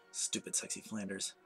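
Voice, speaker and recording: A man's voice: low voice, sharp tone. A man ranting in a comedic vlog monologue, anxious, rambling and self-mocking. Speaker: vlogger.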